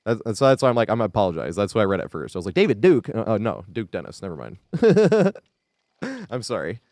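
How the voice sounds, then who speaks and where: A man's voice: fairly low pitch, expressive, rapid-fire, darkish tone, no room sound, clean studio sound. A man streaming a game live, chatting casually with viewers, swearing freely and laughing often as he reacts to play.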